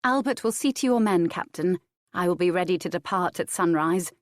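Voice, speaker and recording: A proud young countess from a historical romance audiobook, voiced by a woman reading in a lifted, slightly higher register. She speaks briskly and decisively, with a firm, commanding edge, and the sound is close and dry. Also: no echo, natural voice. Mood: resolute.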